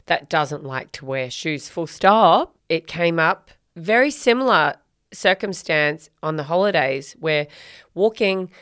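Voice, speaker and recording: A woman's voice: sits low, animated, a little slow, fairly bright tone, smooth, dry recording, studio quality. A woman, co-hosting a casual chat podcast and telling a story bluntly, swearing and acting out quotes. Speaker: podcast co-host.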